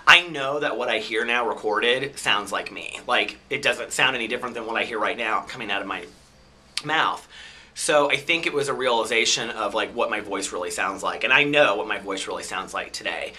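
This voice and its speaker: A man from the US Midwest with a soft, effeminate, twangy Midwestern American voice, talking in a candid, reflective personal vlog monologue. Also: on the low side, a little fast. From Chicago, US Midwest. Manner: reflective and candid, chatty storytelling. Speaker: vlogger.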